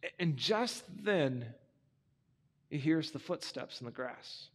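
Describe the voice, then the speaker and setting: A man preaching to young people, retelling a story in a conversational, animated way and acting out the characters. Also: fairly high pitch, slow, big-room sound.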